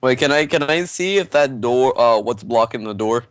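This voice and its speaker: A man's voice: medium pitch, lively intonation, moderate pace, clean tone, dry recording, clean studio sound. A man playing a tabletop game, asking questions hesitantly and restarting often. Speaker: player. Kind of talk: casual chat in a tabletop game.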